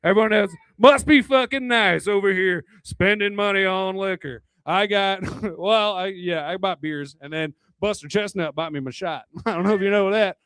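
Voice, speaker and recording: Tipsy male stand-up comic with a high voice, crude and rambling, chuckles at his own jokes into a dry handheld mic. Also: normal speed, a bit bright, clean tone, no room sound. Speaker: stand-up comedian. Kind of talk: stand-up comedy set. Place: bar hosting a live comedy night. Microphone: handheld microphone.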